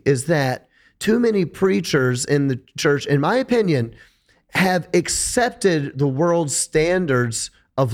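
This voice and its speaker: A man speaking as a podcast guest in a conversational interview, an animated storyteller who repeats words when he gets going. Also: on the high side. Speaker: podcast guest, rock singer.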